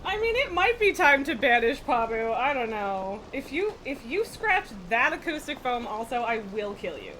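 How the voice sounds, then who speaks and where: A woman's voice: sits high, very animated, moderate pace, hardly any pauses, a bit bright, a little hiss or hum. A woman live-streaming in casual chat, laughing often, swearing and scolding her pet from her home streaming room.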